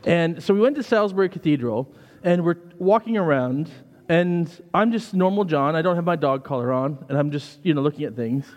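An American man serves as vicar and delivers a sermon in a relaxed, story-driven way. His voice sits slightly high for a man. Long reverb from the church hangs around his words. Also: a little fast. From United States. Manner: conversational storytelling with asides.

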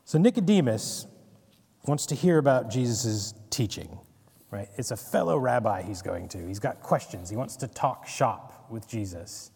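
A man's voice: on the low side, animated, moderate pace, creaky, a little mellow, slightly rough, big-room sound. A man giving a casual Bible study lecture, conversational, with wry asides and frequent "right?" checks. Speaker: Bible teacher.

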